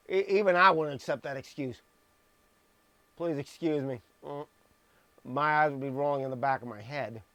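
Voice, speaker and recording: A man's voice: fairly high pitch, normal speed, pauses often, bright, forceful tone, no echo. A man reading scripture on a live stream, stressing words and dropping blunt, sarcastic asides. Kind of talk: live-streamed Bible message. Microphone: streaming microphone.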